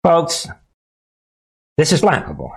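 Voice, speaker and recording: A man hosting live political commentary with a mocking, combative tone. His pitch swings widely as he ridicules what he hears. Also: huge pitch swings, slow, husky.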